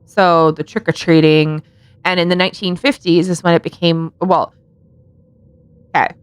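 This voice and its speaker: A woman with a somewhat low voice co-hosts a casual podcast, joking around and laughing often. She swears freely in easy chat. The sound is dry and close, with no room echo. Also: little pitch movement, normal speed, smooth. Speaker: podcast co-host.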